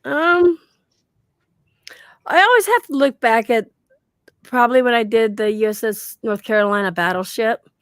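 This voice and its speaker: A woman and guest paranormal researcher, telling her stories in an animated way, acting out quotes and laughing often. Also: a little high, normal speed, long pauses, no room sound, clean studio sound. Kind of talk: casual storytelling on a podcast.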